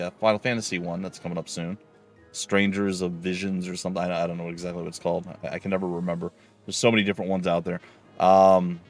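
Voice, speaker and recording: Man, game streamer, casual rambling talk, lowish voice, faint music in the background. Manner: rambling, many fillers and restarts. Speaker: let's play streamer. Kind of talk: casual live-stream commentary.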